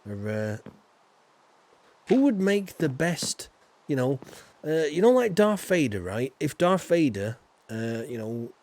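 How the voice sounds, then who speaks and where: A man from Yorkshire, England, with a medium-pitched, slightly mellow voice, streams a building game. He chats casually with his viewers, rambling along and dropping in plenty of little asides.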